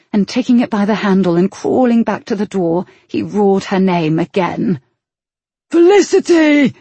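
A woman reads a novel aloud in a measured, expressive narration. Her voice is low, mellow and a little husky. The recording is close and dry. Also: dry recording. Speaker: audiobook narrator. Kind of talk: scripted narration.

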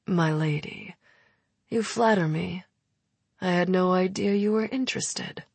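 Brief: a woman playing a languid young king, soft, slow, teasing. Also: fairly low pitch, gravelly, husky, dry recording, exaggerated voice. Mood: amused. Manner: lazy, amused, drawling. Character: young male high king, languid and mocking. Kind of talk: audiobook character voice.

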